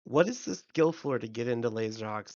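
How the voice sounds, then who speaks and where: A man's voice: mid-range voice, lively intonation, a little fast, a little mellow. Teasing man, dull audio. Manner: teasing, mock-angry banter. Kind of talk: casual chat.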